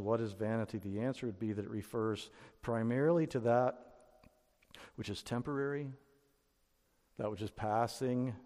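A man's voice: medium pitch, warm tone. Man preaching in an echoing hall. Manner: explanatory, with frequent restarts and fillers. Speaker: Bible teacher. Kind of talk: sermon. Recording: long reverb of a hall.

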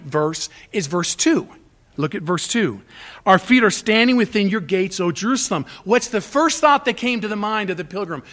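A male pastor delivers an expository sermon from a church stage. His voice sits high for a man, and he presses his points earnestly and emphatically. He often stops and restarts phrases as he builds toward the key word. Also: a bit bright.

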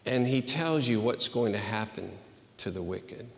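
Slow, earnest preacher man in a reverberant hall. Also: mid-range voice, lively intonation, creaky. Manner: earnest, emphatic, slow and deliberate. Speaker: pastor. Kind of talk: sermon.

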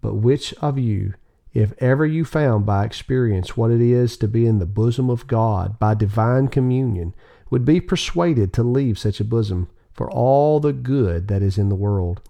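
A man reading an old sermon aloud as an audiobook, in a measured, solemn manner with rising emphasis. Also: mid-range voice, creaky, mellow. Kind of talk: scripted devotional reading.

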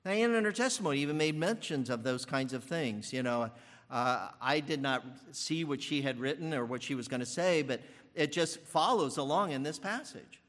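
Older male pastor, lively and bright-voiced, sermon with fillers, long church reverb. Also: fairly high pitch, normal speed. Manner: animated, thinking aloud with fillers and restarts.

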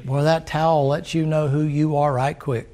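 A man preaching a sermon in a folksy manner, acting out voices and rising to emphatic shouts. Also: a little high, flat delivery, normal speed.

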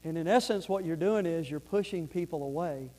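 A man's voice: fairly high pitch, brisk, dark tone. A man preaching a fervent sermon, repeating words and asking the congregation if they follow.

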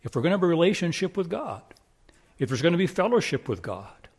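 A man preaching a sermon, emphatic and repeating his key phrases, swinging from raised, pressing lines to hushed, low ones. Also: big pitch swings, fast, slightly rough.

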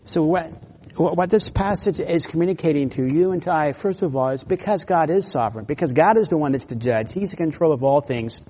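A man's voice: a little high, animated, fairly quick, mellow, a little hiss or hum. A man preaching a sermon as pastor, earnest and emphatic, with brief laughs and restarts. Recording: long hall reverb.

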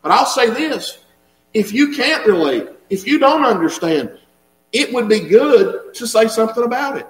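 A man's voice: very high-pitched, sing-song, moderate pace, echoey room, poor audio. A man preaching a conversational sermon to a church, folksy, chuckling as he talks and repeating words. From Southern United States. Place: church sanctuary.

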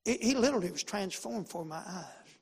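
A pastor telling a story in a sermon, folksy and emphatic, repeating phrases and swinging from loud to hushed. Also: male voice, sits high, lively intonation, fairly quick, husky, long reverb tail.

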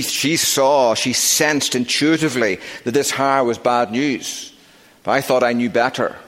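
A middle-aged man preaching a sermon as pastor, emphatic, slowing down to stress key words. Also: medium pitch, fairly bright tone. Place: church sanctuary. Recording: long reverb of a church sanctuary.

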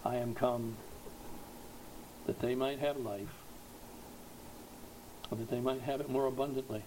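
Slow, emphatic male preacher. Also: mid-range voice, steady tone, heavy background noise. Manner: slow, emphatic preaching that builds to loud exhortation. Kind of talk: sermon.

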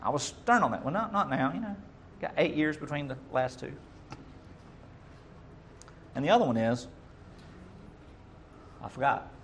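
A middle-aged man preaching a sermon as pastor, emphatic, swinging between loud bursts and quiet asides. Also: on the high side, expressive, unhurried, pauses often, slight background noise.

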